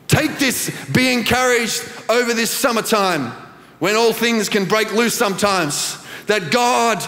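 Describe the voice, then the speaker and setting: A man preaching a sermon in an animated, sing-song cadence in a large church auditorium. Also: high voice, unhurried. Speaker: pastor. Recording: long reverb of a large church hall.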